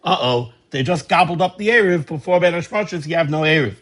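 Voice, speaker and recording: A man teaching a lesson on religious law, reading passages aloud and explaining them in a lively way. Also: on the high side, fast. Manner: lively explaining, reading Hebrew texts and translating. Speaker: Torah teacher. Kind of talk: Talmudic study lecture.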